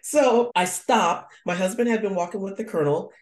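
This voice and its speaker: Animated storyteller woman in a roomy space. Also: mid-range voice, normal speed. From United States. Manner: animated storyteller, acts out her own thoughts. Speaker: guest. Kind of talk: telling a family story. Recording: roomy echo.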